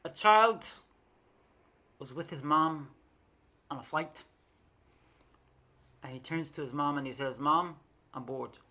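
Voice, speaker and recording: A woman's voice: sits low, animated, slow, pauses often, sharp tone. A woman vlogger telling a story in a chatty, self-mocking monologue to the viewer.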